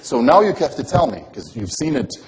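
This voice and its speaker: A man's voice: medium pitch, very animated, brisk, a little mellow. A man performing close-up magic for a volunteer, with teasing, playful patter and constant coaxing questions. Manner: coaxing, asks many questions.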